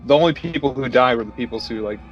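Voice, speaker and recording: A man co-hosting a casual movie podcast chat, swearing freely and retelling scenes with animated quoted lines. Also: mid-range voice, fast, highs cut off, soft background music. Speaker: podcast co-host.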